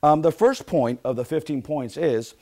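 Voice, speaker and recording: A man's voice: on the high side, moderate pace, a little mellow. A man, a real estate sales coach, giving an upbeat motivational training talk and leading call-and-response affirmations.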